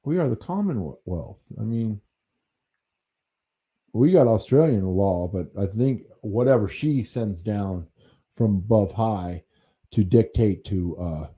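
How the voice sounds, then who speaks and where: A man's voice: on the low side, animated, slow, warm tone. An American man hosting a livestream, talking in an indignant, rambling way, full of fillers and restarts. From United States. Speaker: livestream host.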